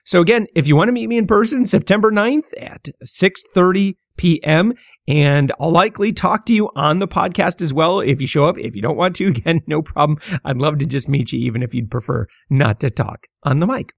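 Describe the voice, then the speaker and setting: A man's voice: fairly high pitch, brisk, vocal fry, dry recording, studio quality. Stammering man hosting a podcast. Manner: stammering, many fillers and restarts. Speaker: podcast host. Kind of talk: casual solo podcast talk.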